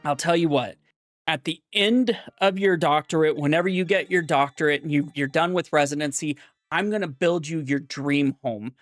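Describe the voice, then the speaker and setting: A rambling, indulgent father played by a man in near his own voice. He talks in loose, reassuring runs, a touch higher than the usual male voice. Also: normal speed, no echo, faint music behind, close to an everyday voice. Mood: promising. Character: indulgent middle-aged father, doting but exasperated.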